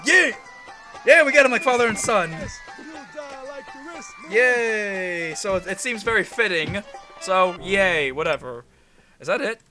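A man giving casual, rambling commentary while playing a game, excitable and swearing freely. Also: high voice, slow pace, long pauses. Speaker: gameplay commentator. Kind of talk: casual let's-play commentary. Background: game music.

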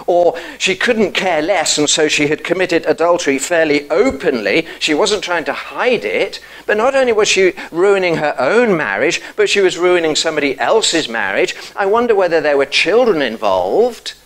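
Earnest man preaching, rising and softening. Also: sing-song, moderate pace, hardly any pauses, rough recording. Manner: earnest, rises for emphasis and drops soft and low for gentle passages. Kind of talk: sermon. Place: church service.

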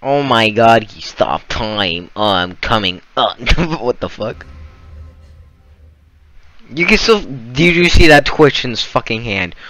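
A man's voice: medium pitch, animated, slow, bright, forceful tone, soft background music. A young man casually reacting to a video, swearing constantly and mocking what he watches. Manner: profane, mocking, jokey.

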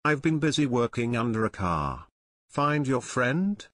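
Man reading gas station attendant, easygoing, helpful, mid-pitched, dry close sound. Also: very animated, unhurried, fairly bright tone, dry recording. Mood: casual.

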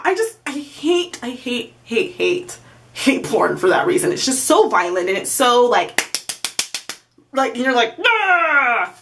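A woman's voice: fairly high pitch, a bit bright. A young woman vlogging in a candid, rambling way, self-deprecating and full of fillers, often dropping into quoted voices and laughing. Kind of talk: candid confessional vlog.

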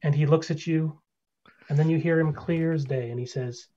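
A man's voice: fairly high pitch, fairly even intonation, moderate pace, warm tone, muffled recording. A man narrating as game master of a tabletop game, describing scenes with many fillers.

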